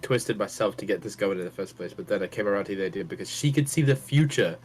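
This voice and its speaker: A man's voice: on the low side, lively intonation, quick pace, a little mellow, faint music behind, natural voice. A man voicing an eager, adventurous young letter writer in a put-on British accent, hammy and breaking into laughs.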